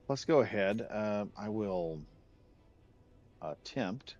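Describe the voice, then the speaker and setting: A man's voice: on the low side, lively intonation, normal speed, creaky, slightly rough, muffled recording. A man streaming a game, chatting casually and rambling off on tangents with frequent laughs. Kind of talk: casual live gameplay commentary.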